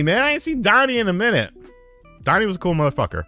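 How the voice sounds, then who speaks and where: A man's voice: high voice, huge pitch swings, fast talker, pushed and bright, no room sound, faint music behind. A man in his thirties hosting a casual livestream. He tells rambling, profane stories and thanks new members as they join. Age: 30s. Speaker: streamer.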